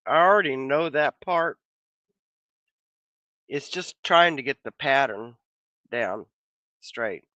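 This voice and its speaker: A man hosting a casual livestream chat from a home office, a bit hoarse from losing his voice, talking in an easygoing, rambling way with many trailing restarts. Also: medium pitch, expressive, slow, pauses often, pushed and bright, no echo. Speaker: livestream host. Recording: slightly dull lo-fi sound.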